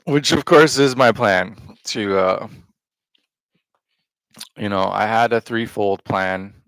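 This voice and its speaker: A man hosting a livestream, talking in a casual, rambling way with a deadpan, self-mocking manner. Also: on the low side, takes it slowly, no echo. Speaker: livestream host.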